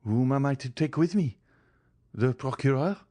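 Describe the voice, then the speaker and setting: A man's voice: medium pitch, expressive, normal speed, mellow, voice pushed up, close to an everyday voice. A man voicing an anguished young man who pleads and swears vengeance in an impassioned voice. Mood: urgent pleading.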